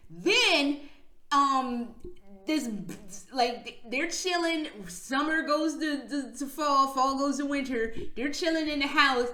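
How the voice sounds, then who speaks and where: A woman's voice: sits high, slow pace, pushed and bright. A woman vlogging, retelling stories in a casual, profane, slang-heavy way with frequent laughs. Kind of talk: casual storytelling vlog. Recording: echoey room.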